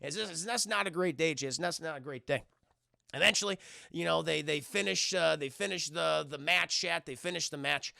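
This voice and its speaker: A man's voice: on the high side, fairly quick, vocal fry, sharp tone, no echo, clean studio sound. A man casually reviewing a film on a livestream, rambling, swearing and often addressing his chat.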